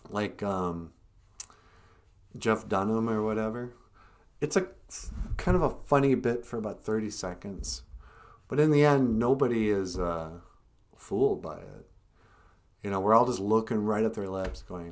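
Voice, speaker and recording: A man's voice: lowish voice, normal speed. A man who cartoons and plays music, chatting casually on a live stream, rambling and laughing often.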